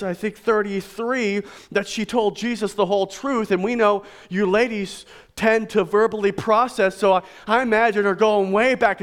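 A male pastor preaching a sermon, emotional and swinging between hushed, soft lines and emphatic, raised ones. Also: sits high.

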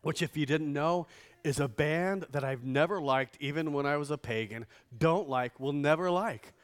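A middle-aged man preaching from the pulpit, telling funny stories before building to loud, emphatic lines. His voice sits a little high for a man. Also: moderate pace. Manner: storytelling, joking, swells loud for emphasis. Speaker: pastor. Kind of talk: sermon.

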